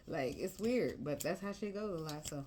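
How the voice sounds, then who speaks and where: A fairly low-voiced woman chats her way through a tarot reading, loose and slangy. There is a faint hiss of noise under her voice. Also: lively intonation, moderate pace, a little mellow. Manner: chatty, slangy, breaks into singing and laughs. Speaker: tarot reader.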